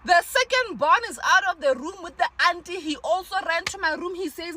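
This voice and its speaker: A woman telling a dramatic story, animated and full of exclamations. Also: extremely high pitch, moderate pace, a little hiss or hum, low-quality recording. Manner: animated, exclaiming, mixing in local words.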